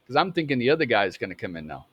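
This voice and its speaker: 50s guy telling a story, halting, lots of restarts, dry close sound. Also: mid-range voice, sing-song, fairly bright tone, slightly rough, no echo, lo-fi sound. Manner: halting, full of restarts and fillers. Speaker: storyteller recounting a memory. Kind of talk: personal storytelling.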